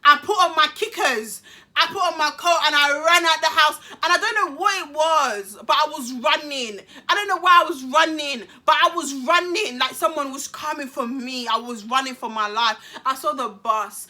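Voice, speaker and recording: Young woman, vlogger telling a story, dramatic and slangy, voice sits high and sounds very bright. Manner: dramatic, slangy, repeats phrases for emphasis. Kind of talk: storytime monologue to camera.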